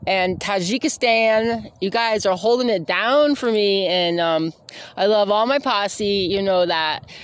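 A woman hosts her podcast while out walking, talking in a loose, rambling way. She fills gaps with fillers and corrects herself as she goes. Her voice sits at an ordinary middle pitch. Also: a little slow, clear, resonant tone. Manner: chatty, many fillers and self-corrections. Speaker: podcast host. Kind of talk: casual rambling monologue. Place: outdoors on a walk.

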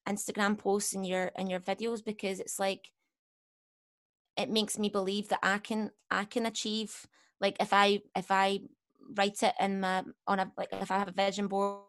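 A young Scottish woman chatting candidly as a podcast guest, rambling and correcting herself as she goes. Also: mid-range voice. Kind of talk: casual chat.

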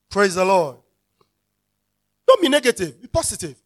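A man's voice: high voice, very animated, slow. A male pastor preaching a sermon, emphatic and repeating his key phrases as he calls out to the congregation.

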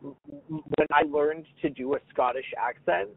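Brief: jokey male podcast host, slightly high voice, dry phone-like sound. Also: normal speed, vocal fry. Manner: jokey, tries on silly voices, many restarts. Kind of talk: casual chat. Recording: dry tinny phone-like line.

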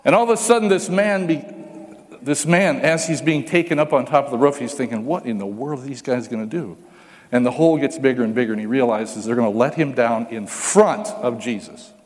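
A pastor preaching a sermon, telling stories with humor and acting out the voices of the people in them. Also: male voice, medium pitch, brisk, big-room sound. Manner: animated storytelling, acts out voices with humor.

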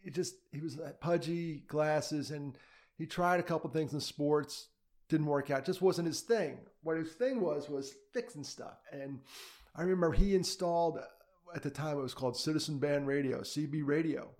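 A man's voice: on the high side, normal speed, darkish tone. Candid middle-aged man telling a story. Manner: candid, tells his story with quoted asides. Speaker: podcast guest. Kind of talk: conversational storytelling.

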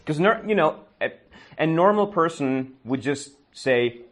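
A man recounts a story to a class in an animated way. His voice swings widely in pitch, and he keeps checking that the listeners follow with "right?". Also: moderate pace. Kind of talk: storytelling to learners.

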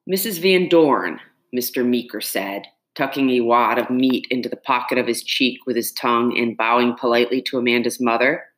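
A woman narrating a chapter book in an expressive, measured storytelling manner. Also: extremely low pitch. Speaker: audiobook narrator.

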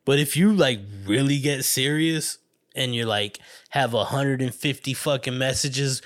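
A man's voice: mid-range voice, measured pace. Profane, rambling male podcast host. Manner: profane, rambling, laughs often. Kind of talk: casual solo podcast monologue.

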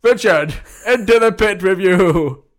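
A man's voice: high-pitched, unhurried, voice pushed up. A man voicing a pompous male tribal elder who proclaims grandly during a ritual. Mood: proclaiming.

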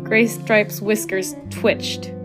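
A woman reading a passage from a novel aloud as narrator, in a soft, even voice. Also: medium pitch, drawn-out words, music in the background.

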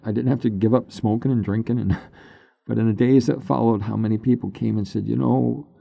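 An older man, a pastor, telling his personal testimony in an unhurried, halting way that turns emotional at times. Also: fairly low pitch, fairly even intonation, creaky, mellow, breathy edge, no echo, studio quality. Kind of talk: personal testimony, conversational storytelling.

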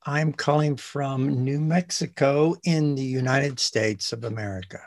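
A man's voice: mid-range voice, a little slow. A man from Indiana, a guest on an interview podcast, easygoing and laughing as he tells anecdotes. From Indiana, US Midwest. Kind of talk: casual interview.

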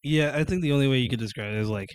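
A young man in casual chat, swearing freely, animated and quick to break into joking impressions. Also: medium pitch, clean tone, dry recording.

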